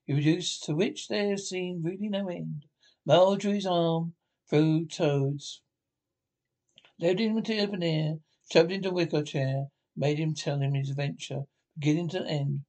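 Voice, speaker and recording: A man's voice: fairly high pitch, a little mellow, poor audio. Man reading a storybook aloud, hesitant. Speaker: narrator. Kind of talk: audiobook reading of a classic.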